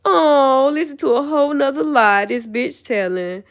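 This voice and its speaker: A woman's voice: fairly high pitch, normal speed, hardly any pauses. Angry, profane woman ranting on stream. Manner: heated, profane, laughing scornfully. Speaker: livestreamer. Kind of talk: angry livestream rant.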